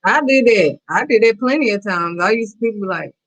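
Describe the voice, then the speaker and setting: A woman's voice: mid-range voice, expressive, fairly quick, poor audio. A woman hosting a faith-based talk show, giving blunt, emphatic, preachy advice. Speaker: host.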